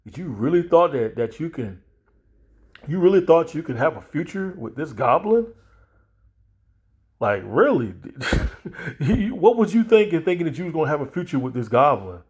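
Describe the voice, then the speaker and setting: A man's voice: a little high, sing-song, moderate pace, long pauses, a little mellow, slightly rough. A man talking in a casual commentary vlog, blunt and rambling, repeating himself and laughing at his own jokes.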